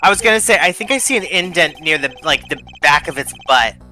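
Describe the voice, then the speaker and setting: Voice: mid-range voice, expressive, a little fast. A speaker from Oregon chatting playfully on a gaming stream, chiming in with questions. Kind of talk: casual chat. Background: faint game music.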